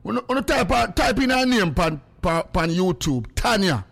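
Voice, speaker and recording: High-voiced Jamaican man, lively radio banter. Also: unhurried, gravelly. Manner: patois, animated, bursts into singing and shouting. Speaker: radio host. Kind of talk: casual radio chat.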